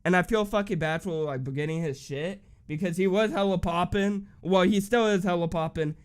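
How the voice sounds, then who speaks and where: A man's voice: high voice, moderate pace, smooth. A young man, telling a blunt, profane, rambling story in a casual vlog. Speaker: vlogger.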